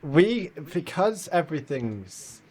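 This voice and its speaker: A young man taking his turn in a tabletop game, talking slowly with a lively, rising and falling pitch. He laughs often between lines. A faint hiss of background noise sits under his voice. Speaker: player. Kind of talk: casual tabletop game play.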